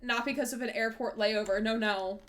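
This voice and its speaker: A woman's voice: fairly high pitch, steady tone, normal speed, fairly bright tone. Rambling woman hosting a game stream. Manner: rambling, with many fillers and self-corrections. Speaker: streamer host. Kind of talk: casual chat while playing a game live.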